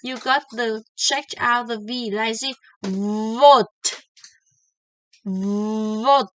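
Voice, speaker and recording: A woman teaching English pronunciation, slowly and deliberately, repeating each example word several times. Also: fairly high pitch, fairly even intonation, sharp tone, poor audio. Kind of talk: slow pronunciation lesson with drilled example words.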